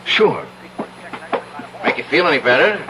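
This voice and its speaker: An actor playing an easygoing police officer in a 1970s radio drama, talking in a folksy, hesitant way full of uhs. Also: male voice, fairly high pitch, sing-song, measured pace. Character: easygoing beat cop, adult man. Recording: old radio broadcast with background crowd noise.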